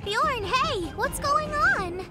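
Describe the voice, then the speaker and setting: A woman plays a caring girl bear in a kids' cartoon, her very high voice leaping lightly up and down as she teases the boys in an unhurried way. Loud children's music fills the background. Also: lively intonation, exaggerated voice. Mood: teasing. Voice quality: gently teasing and caring. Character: motherly, teasing girl bear. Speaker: cartoon character. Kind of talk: 3D cartoon voice acting.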